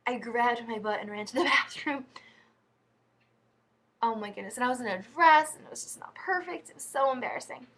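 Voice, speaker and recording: A chatty woman vlogger rambles through her stories with frequent giggles. Her voice is sharp and bright and sits a little high for a woman. She talks straight to her viewers. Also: a little fast. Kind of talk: casual storytelling to camera.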